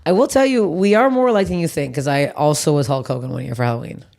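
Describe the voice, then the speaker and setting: A woman's voice: low voice, vocal fry, darkish tone. Wry woman hosting a podcast. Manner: wry, quick teasing banter. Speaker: podcast host. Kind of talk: casual chat.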